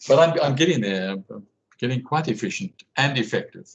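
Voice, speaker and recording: A man in a casual video-call conversation, talking in a halting way with many fillers and restarts about running his classes. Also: mid-range voice, lively intonation, rough recording. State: hiccuping. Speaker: class guide and researcher.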